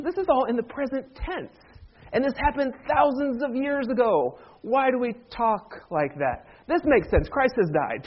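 A pastor with a high, light voice delivers a relaxed Easter-season sermon, teasing and joking with his congregation. He talks conversationally and pulls the room into call-and-response. The recording is dull and lo-fi. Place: church sanctuary.

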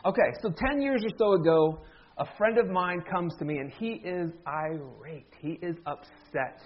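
A man's voice: a little high, normal speed, lo-fi sound, slight background noise. A middle-aged man preaching a humorous sermon in a church, telling stories with a joking, self-deprecating manner. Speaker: pastor. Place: church sanctuary.

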